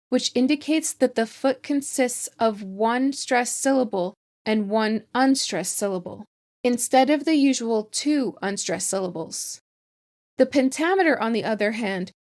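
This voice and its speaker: A woman hosting a language channel, reading a scripted lesson in a measured, precise way. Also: a little high. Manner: measured, precise explanatory delivery. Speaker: etymology channel host. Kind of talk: scripted educational narration.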